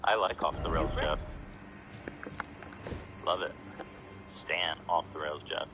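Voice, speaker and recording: A man's voice: rumbling low, level tone, slow, background noise. A man hosting a casual commentary chat, rambling and blunt with plenty of swearing. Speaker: streamer and podcast host.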